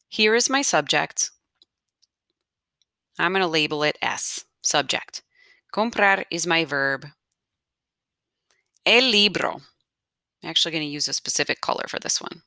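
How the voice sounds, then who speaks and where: A woman's voice: on the low side, bright, forceful tone, no echo, studio quality. A woman teaching a grammar lesson step by step, patiently explaining aloud as she marks up her notes. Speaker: Spanish teacher.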